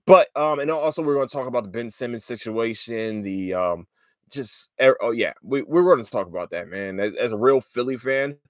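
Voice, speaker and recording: A man's voice: medium pitch, moderate pace, dry recording, clean studio sound. A man in his late twenties or thirties hosting a solo podcast, chatting casually in a loose, rambling way, with frequent swearing and filler words. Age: late 20s to 30s. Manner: rambling and profane, with lots of fillers and loose tangents. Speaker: podcast host.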